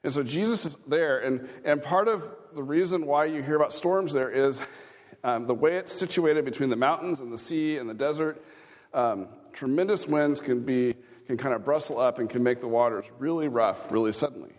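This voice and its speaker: Medium pitch, normal speed: that's how this Kansas pastor sounds as he delivers a conversational sermon from a church sanctuary. He chuckles through asides and poses questions to the congregation, and the hall is reverberant.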